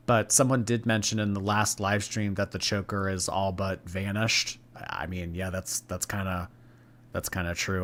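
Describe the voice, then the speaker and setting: A man's voice: low voice, a bit bright. A man hosting a live stream, commenting casually and reading out viewer messages in a rambling, chatty way.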